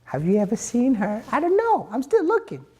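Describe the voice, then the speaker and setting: A frantic, lonely man, as a vlogger puts him on, pleads in a strained, squeaky voice pitched well above the speaker's own. His tone is whiny and desperate, with a soft, mellow timbre. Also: wildly swooping pitch, fairly quick, husky, heavily acted. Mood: anxious whining.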